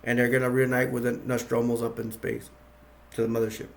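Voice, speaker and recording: A man's voice: mid-range voice, monotone, brisk, gravelly. A man casually retelling a movie's plot, rambling with many fillers and restarts. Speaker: movie reviewer. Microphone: attached to a bag.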